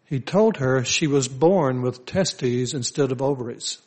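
A man's voice: mid-range voice, unhurried, darkish tone. An older man, a pastor, preaching a conversational sermon full of personal stories, often restarting his sentences. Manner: conversational, anecdotal, with frequent restarts. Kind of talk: storytelling sermon.

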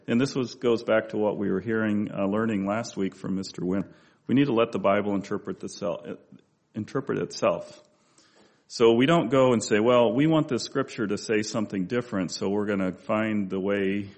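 A man's voice: fairly low pitch, creaky. A man preaching a conversational Bible-study sermon, with asides and restarts as he talks.

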